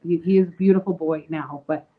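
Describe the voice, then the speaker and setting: A woman's voice: fairly low pitch, fairly even intonation, a little fast. A woman chatting casually as a podcast co-host, blunt and profane, laughing often. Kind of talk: casual chat. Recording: tinny phone-like sound.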